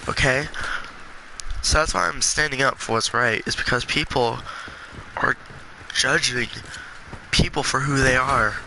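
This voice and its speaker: A congested man talking earnestly and with passion in a gaming vlog, with halting restarts. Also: medium pitch, steady tone, bright, forceful tone, slight background noise, poor audio. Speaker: gaming video creator.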